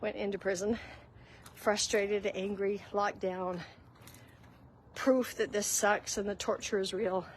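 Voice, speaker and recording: On a rough recording with a little hiss or hum, a woman's mid-range voice moves slowly and flatly, with long pauses. She hosts a faith-based walk-and-talk outdoors, giving earnest, conversational spiritual guidance and referring to listeners as "guys."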